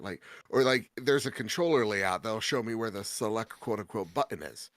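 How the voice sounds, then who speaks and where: A man in casual podcast chat, telling stories in an animated way and jumping into quoted voices. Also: lowish voice, moderate pace, hardly any pauses, no room sound, clean studio sound.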